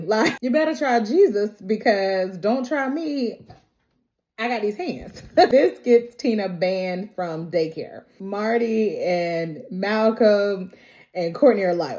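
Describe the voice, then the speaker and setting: A woman's voice: medium pitch, animated, slow pace, a little mellow. A woman vlogger recapping a TV episode in a casual, slangy way, laughing often.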